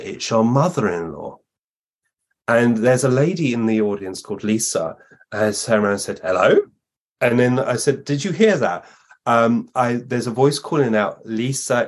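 A man, a guest medium, telling lively anecdotes in a podcast interview and acting out the voices he quotes. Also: on the low side.

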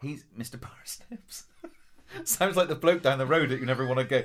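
A man's voice: mid-range voice, fairly quick. A man co-hosting a casual podcast chat, joking and teasing as he talks. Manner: joking, teasing, laughs often. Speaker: podcast co-host.

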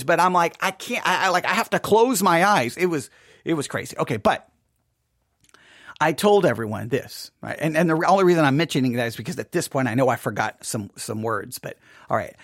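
Man preacher, high voice, dry close sound, earnest retelling of his sermon with restarts. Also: a bit bright, no room sound. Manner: earnest, emphatic, with frequent restarts. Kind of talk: recounting a funeral sermon.

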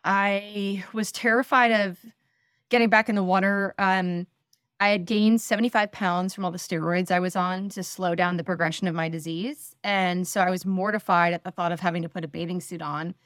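Recorded in a clean studio without echo, this fortyish northeastern American woman has a lowish, fairly bright voice with fairly even intonation and a moderate pace. She's a podcast guest sharing casual, chatty stories, poking fun at herself and using plenty of fillers.

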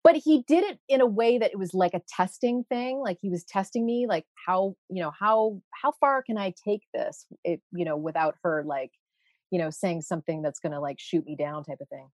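Chatty woman telling an animated story. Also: on the low side, normal speed, no room sound, studio quality. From Canada. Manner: animated, acts out quoted voices, many fillers. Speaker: guest. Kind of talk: casual interview storytelling.

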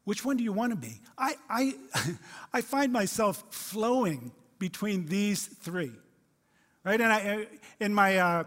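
High-voiced pastor preaching in a reverberant hall. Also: male voice. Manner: animated, acts out quoted voices, swings from loud to hushed. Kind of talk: sermon.

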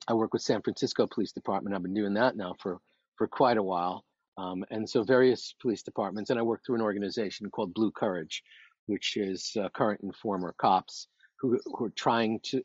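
Man, meditation teacher, calm and unhurried, guiding a breathing exercise, husky voice, dull lo-fi podcast sound. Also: lowish voice, dry recording. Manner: calm, unhurried, talks listeners through slow breathing. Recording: dull, slightly lo-fi podcast audio.

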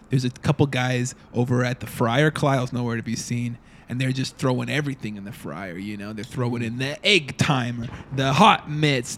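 A man's voice: mid-range voice, slight background noise. A man acting as game master, narrating a tabletop role-playing game in a loose, laughing way.

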